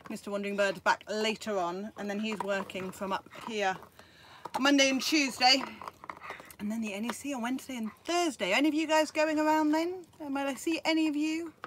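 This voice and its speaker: Excitable woman, higher voice, phone live stream, faint background noise. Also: brisk. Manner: chatty, excitable, greets viewers by name. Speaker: vlogger. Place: motorhome in a field.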